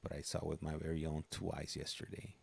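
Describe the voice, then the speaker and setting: A man's voice: rumbling low, steady tone, fairly quick, creaky, darkish tone, husky. A man hosting a livestream, chatting casually and rambling with frequent restarts. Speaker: livestream host. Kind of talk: casual chat.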